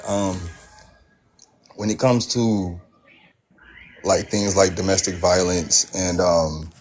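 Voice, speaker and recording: A man from the United States speaking as a panel guest on a phone, hesitant and full of pauses. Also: deep voice, fairly even intonation, slight background noise. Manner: hesitant, full of ums, loses his train of thought.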